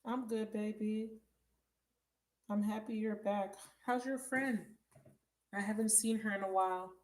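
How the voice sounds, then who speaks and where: At home on a live stream, a woman reads tarot for viewers, chatty and blunt, swearing freely and calling them baby. Her medium-pitched voice is fairly even in intonation, measured in pace, and a little mellow.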